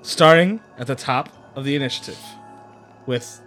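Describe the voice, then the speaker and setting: A man running a casual tabletop game as game master, giving relaxed, matter-of-fact rulings. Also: medium pitch, moderate pace, soft background music.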